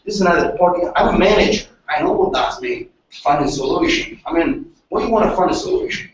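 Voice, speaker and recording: A man from Italy, a manager, talking casually in animated, broken English with an Italian accent, swearing freely and repeating himself. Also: sits high, fast, a little hiss or hum. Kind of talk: casual chat. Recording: distant muffled echoey recording.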